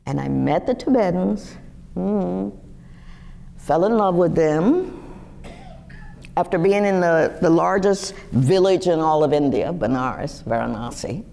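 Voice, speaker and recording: Gravelly low-voiced woman in her 60s. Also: unhurried, slight background noise. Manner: lively, animated storytelling with wide pitch swings. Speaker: guest speaker. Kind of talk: storytelling talk to a live audience.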